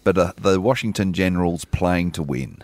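A man's voice: deep voice, moderate pace, darkish tone, dry recording. A man co-hosting radio, throwing in jokey questions. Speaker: radio co-host. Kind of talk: casual radio chat.

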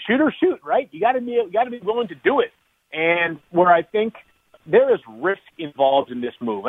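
A man's voice: a little high, no echo. A man calling in as a guest analyst on a sports radio show, rambling with many restarts and fillers. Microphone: phone. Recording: tinny phone line.

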